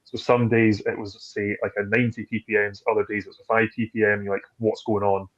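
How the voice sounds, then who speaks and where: A man chatting casually as a distillery guest, telling rambling, animated stories and acting out what others said. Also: fairly low pitch, fast talker, highs cut off. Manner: rambling, animated storytelling with acted-out quotes. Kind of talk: casual chat.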